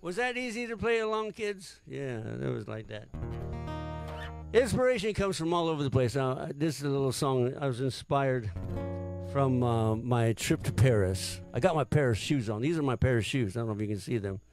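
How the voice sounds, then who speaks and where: A man's voice: mid-range voice, expressive, normal speed, over music. A man, a singer-songwriter, telling a story between songs in a rambling, hesitant way with many fillers.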